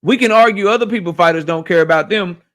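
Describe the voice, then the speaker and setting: Bright-voiced man ranting on a boxing livestream. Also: high voice. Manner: animated, profane, rapid rants reading chat. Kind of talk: casual livestream commentary.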